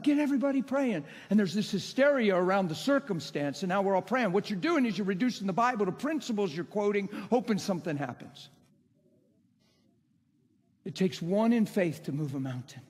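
A man preaching a sermon with emphatic, impassioned delivery and rhetorical questions. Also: high-pitched. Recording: long hall reverb.

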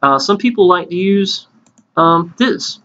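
A man talks to his viewers in a casual, earnest sales pitch and keeps calling out to them. His voice sits a little high for a man. The recording sounds dull and lo-fi. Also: lively intonation, measured pace, a bit bright. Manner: earnest and folksy, calls out to viewers again and again. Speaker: network marketing promoter. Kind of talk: casual sales pitch over a screen tour.

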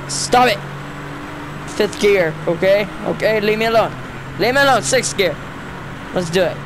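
A gaming channel host giving casual gameplay commentary, excitable and easily frustrated, with loud outbursts and low muttering between them. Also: moderate pace, long pauses. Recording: racing game engine noise underneath. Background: car engine and race sounds from the game.

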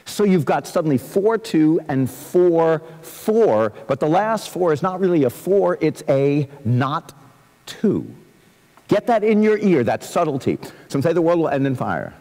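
A man, a composer, giving a lively lecture to students, reciting verse and scatting rhythms to show musical patterns. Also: on the high side, a little slow. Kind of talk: lively lecture with sung and spoken musical demonstrations. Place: large lecture hall. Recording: long reverb of a large lecture hall.

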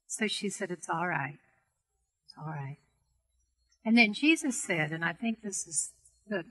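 Bright, breathy woman telling a story. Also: fairly low pitch, rough recording. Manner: gentle, earnest storytelling with soft quoted voices. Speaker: healing prayer teacher. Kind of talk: storytelling talk to a seminar audience.

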